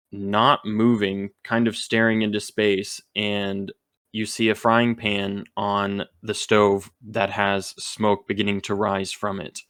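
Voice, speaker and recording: Man narrating a tabletop game, deliberate. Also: on the low side, a bit bright, smooth, dry recording. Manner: slow, descriptive, with fillers. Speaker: game master.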